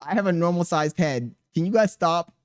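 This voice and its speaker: A man's voice: a little high, normal speed, smooth. A man in his thirties streaming live, reading viewers' chat aloud and answering with crude jokes and laughter. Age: 30s.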